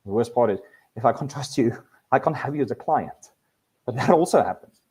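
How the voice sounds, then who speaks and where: Male presenter, animated workshop delivery, restarts and repeats words. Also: mid-range voice, brisk, husky. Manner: animated, acts out quoted people with voice changes. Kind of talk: live workshop talk.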